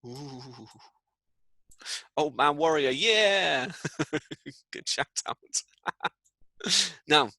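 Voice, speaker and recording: A man telling a story to children in a live lesson, playful and animated, dropping to a hush for the tense parts. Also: a little high, drawn-out words, pauses often, no echo, poor audio. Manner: playful, animated storyteller who drops to hushed tones. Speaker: teacher reading out children's comments.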